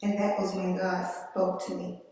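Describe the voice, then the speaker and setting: A woman giving an earnest, emotional personal testimony to a conference audience, speaking slowly with long pauses. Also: lowish voice, monotone, a little mellow. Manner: slow, deliberate delivery with long pauses. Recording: echoey hall, distant mic.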